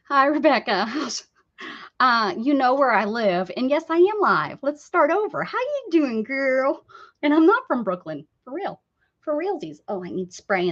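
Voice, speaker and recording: Chatty, giggly woman who hosts an art stream, bouncy pitch, lo-fi audio. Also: fairly bright tone. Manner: chatty, giggly, self-teasing. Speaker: art livestream host. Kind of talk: casual livestream chat while crafting. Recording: dull lo-fi sound.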